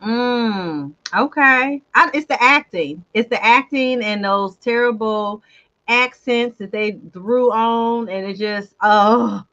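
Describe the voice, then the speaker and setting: A woman hosting a casual chat show, animated and chatty, talking straight to her viewers. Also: on the high side, slow, lo-fi sound. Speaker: host.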